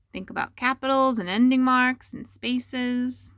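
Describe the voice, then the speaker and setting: Slow, deliberate woman teacher dictating. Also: high voice, no room sound, clean studio sound. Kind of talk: dictating a spelling test for remote students.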